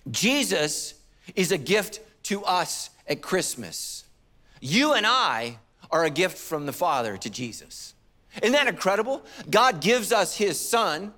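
Casting: middle-aged male pastor, high voice, animated storytelling sermon. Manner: animated storytelling with acted quotes and humor.

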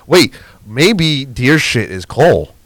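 A man's voice: mid-range voice, sing-song, slow pace, fairly bright tone, no echo. A man co-hosting a podcast, rambling and giggly, with frequent restarts. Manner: rambling, giggly, self-correcting. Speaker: podcast co-host. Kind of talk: casual podcast banter.

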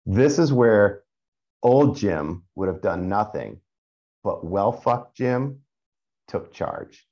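A man's voice: fairly low pitch, animated, slow pace, long pauses, darkish tone. A middle-aged man telling a candid personal story in a rambling, casual way, full of fillers and swearing. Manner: rambling, frequent fillers and profanity. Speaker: caller sharing a personal story. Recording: dull lo-fi sound.

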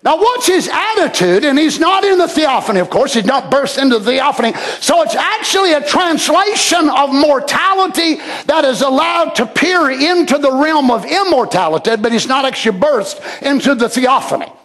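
A man preaching a sermon, swinging from shouted, drawn-out lines to low murmurs. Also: lively intonation.

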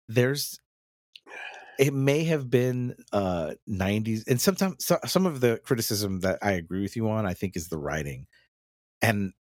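Low-voiced man in candid casual chat. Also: dry recording, studio quality. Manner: candid, profane, mimics lines while he talks.

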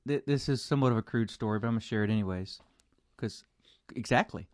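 A man, a pastor, telling stories in an animated, expressive way in a casual conversation. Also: fairly low pitch, brisk, dry recording.

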